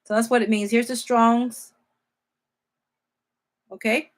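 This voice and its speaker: A woman teaching scripture informally, reading verses slowly, thinking aloud, correcting herself and speaking with emotional emphasis. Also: fairly high pitch, level tone. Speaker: Bible teacher.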